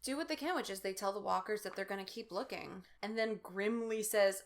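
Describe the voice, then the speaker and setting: A woman's voice: mid-range voice, very animated, normal speed, few pauses, a bit bright. A tipsy woman reading a children's horror book aloud with sarcastic running commentary. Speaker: host. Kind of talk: drunk comedic book reading.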